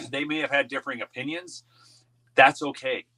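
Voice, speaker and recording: Bright-voiced male political show host. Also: medium pitch, moderate pace. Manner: folksy, addresses listeners as folks. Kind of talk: casual political talk with sponsor plugs.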